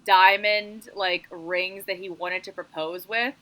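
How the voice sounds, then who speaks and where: A woman talks on a podcast in a bright, forceful voice at an average pitch for a woman. She is casual and asks blunt questions. She is recorded on a close podcast mic. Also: fairly even intonation, takes it slowly.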